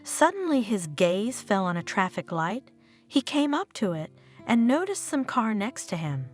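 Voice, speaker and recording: A woman reading a dramatic story as narrator, with soft guitar music playing under her. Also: mid-range voice, big pitch swings, unhurried. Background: faint guitar music.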